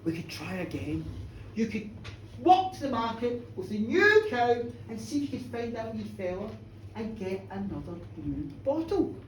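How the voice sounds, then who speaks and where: A poor countrywife, played by a woman telling the story, calm and practical in a low, even voice. The sound comes from a distance in a reverberant pub room. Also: moderate pace, slight background noise.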